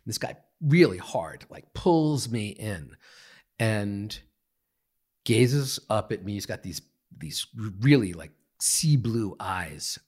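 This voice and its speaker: Podcast guest, man, lowish husky voice, earnest halting storyteller. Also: sing-song, darkish tone. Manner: earnest, halting, many fillers and restarts. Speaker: guest, meditation teacher. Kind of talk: reflective storytelling. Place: podcast studio.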